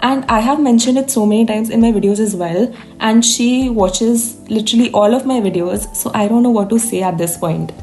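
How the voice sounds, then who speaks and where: A woman's voice: on the high side, fairly quick, hardly any pauses, darkish tone, faint music behind. A young woman narrating a food vlog in a playful, sing-song way. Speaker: food vlogger. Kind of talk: casual voice-over narration.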